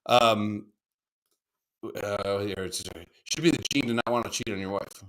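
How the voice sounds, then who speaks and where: A man's voice: fairly low pitch, measured pace, fairly bright tone. A man in his thirties co-hosting a podcast in casual chat, rambling, swearing a lot, and acting out other people's voices. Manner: profane, rambling, acts out quoted voices. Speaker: podcast co-host.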